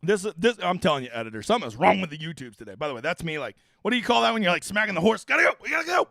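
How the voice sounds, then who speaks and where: On this live fantasy football stream, a young host with a somewhat high voice and vocal fry rattles off rapid-fire replies to viewer questions he reads aloud, swearing freely and staying animated. Studio-quality audio, no echo.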